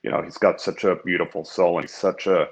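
Gravelly deep-voiced man in his fifties. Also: steady tone, a little fast, lo-fi sound. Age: 50s. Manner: rambling, heartfelt, many restarts. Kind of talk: casual podcast chat.

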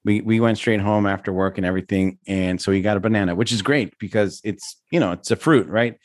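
A man's voice: brisk, no echo, clean studio sound. A man co-hosting a podcast in casual chat, telling stories and acting out family members. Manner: storytelling, acting out family members in high squeaky voices. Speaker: podcast co-host.

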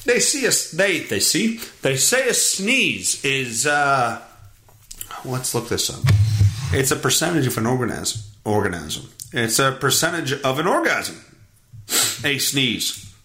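A man's voice: big pitch swings, unhurried, pushed and bright. A man hosting a casual solo podcast, reading news aloud and ranting about it sarcastically. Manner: sarcastic, ranting, swings up and down in pitch. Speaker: podcast host. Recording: roomy echo.

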